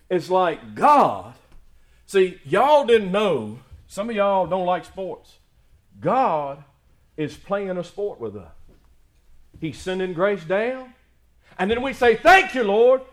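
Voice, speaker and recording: A male pastor preaching a sermon, building to loud emphatic praise and slipping into folksy, joking stories. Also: sits high.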